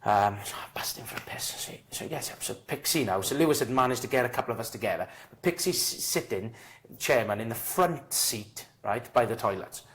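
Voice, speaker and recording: A man guesting on a podcast and telling football stories in an animated, swearing way, with frequent restarts. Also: medium pitch, fairly quick, few pauses. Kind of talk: casual storytelling.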